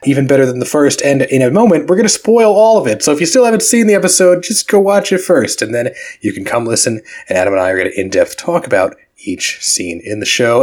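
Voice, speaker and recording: A man co-hosts a podcast in casual chat, joking as he talks. His pitch swings widely. His voice sits at a middle pitch. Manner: animated, joking. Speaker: podcast co-host.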